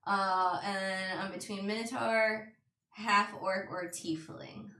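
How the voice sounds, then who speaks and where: A woman's voice: mid-range voice, steady tone, slow, bright, forceful tone, slight background noise. A woman player chatting playfully about her character, often giggling. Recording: roomy echo.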